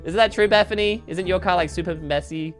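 A woman voicing a cheeky, energetic boy who hosts a game roleplay and talks chattily to his viewers. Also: on the low side, brisk, faint music behind, lightly acted. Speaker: host.

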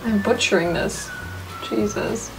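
A young woman, chatting in a casual vlog with lively, self-mocking exclamations. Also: mid-range voice, a little slow, music in the background, low-quality recording. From Germany. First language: German. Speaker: vlogger.

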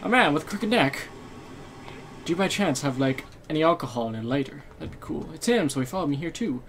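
A man's voice: a little high, animated, a little fast, a bit bright, slight background noise. A young man giving casual, joking commentary over a horror game, often swearing. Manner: joking, playacting, swears a lot. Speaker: gamer. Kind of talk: casual let's play commentary.

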